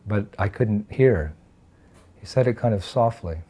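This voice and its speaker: A man in his sixties telling a personal story in an animated way, acting out the dialogue as he goes. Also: lowish voice, measured pace, slightly rough. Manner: animated storyteller who acts out dialogue and laughs at himself. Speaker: devotee sharing memories of his teacher.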